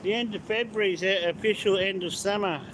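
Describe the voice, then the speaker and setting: A man's voice: high-pitched, steady tone, a little fast, fairly bright tone, poor audio. A man chatting with live viewers while he drives, greeting them by name and answering their comments. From Australia. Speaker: live-stream host. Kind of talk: casual live-stream chat while driving. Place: inside a car on city streets. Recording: car road noise behind the voice.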